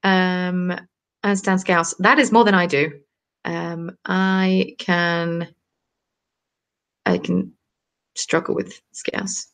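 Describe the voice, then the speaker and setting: A woman's voice: fairly low pitch, fairly even intonation, extremely slow, gravelly, long pauses, fairly bright tone, smooth. A woman in her twenties with a southern English accent, chatting casually on a live stream while knitting and answering viewer comments. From southern England. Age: 20s. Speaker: crafting channel host. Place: cold home.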